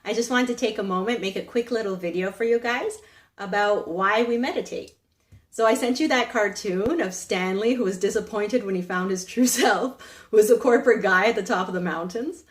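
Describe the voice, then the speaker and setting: A woman, a meditation teacher, talks casually to her viewers with a gentle manner, laughing often and slowing down on key words. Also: mid-range voice. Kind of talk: casual talk to camera. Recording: roomy echo.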